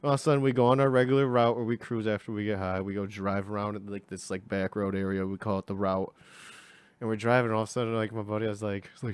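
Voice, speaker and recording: A man's voice: fairly low pitch, quick pace, smooth, no echo. A young man telling a casual story, rambling and slangy, acting out the people in it. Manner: rambling, slangy, acts out voices.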